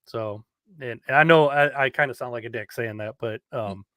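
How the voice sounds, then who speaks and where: A man's voice: mid-range voice, normal speed, bright, forceful tone, no room sound, clean studio sound. A man talking frankly and a bit self-deprecatingly about difficult customers in a casual podcast chat.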